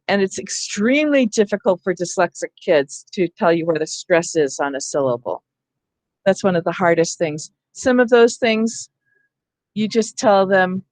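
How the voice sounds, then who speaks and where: Female literacy trainer, mid-pitched, conversational lecture style, dry close sound. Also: no room sound. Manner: casual, conversational teaching with asides. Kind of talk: professional development lecture.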